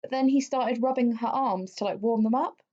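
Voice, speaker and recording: With a fairly high, warm voice at a moderate pace, a podcast co-host chats through a true-crime case. She swears a lot and leans on many fillers, and the recording has a dull lo-fi quality.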